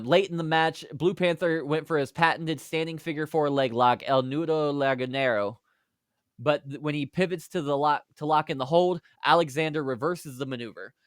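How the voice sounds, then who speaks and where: A man hosting a podcast, recapping a fantasy wrestling card in brisk play-by-play storytelling. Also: fairly high pitch, a bit bright, clear, resonant tone, dry recording, studio quality. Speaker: podcast host.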